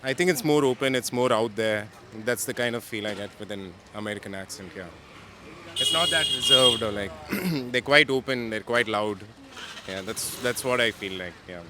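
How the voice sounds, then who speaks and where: A man's voice: medium pitch, normal speed, heavy background noise. A man with an Indian accent chatting hesitantly on a city street as an interviewee, often trailing off. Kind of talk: casual street chat.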